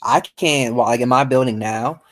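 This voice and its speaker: A man's voice: medium pitch, moderate pace, fairly bright tone, rough recording. A man who teaches, talking casually as a podcast guest in a chatty, easygoing, modest way.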